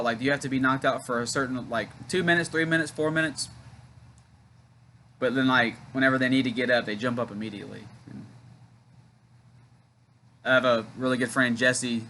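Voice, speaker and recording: Bright, excitable man calling wrestling. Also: medium pitch, brisk, long pauses, slight background noise. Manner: loud counting and shouting during big moments, chatty asides. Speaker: host of a wrestling watchalong. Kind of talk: excited live play-by-play commentary.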